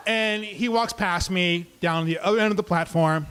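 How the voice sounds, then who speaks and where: A man's voice: high voice, normal speed, few pauses, noisy background. A man telling a true personal story live on stage, talking conversationally and dropping in comic asides.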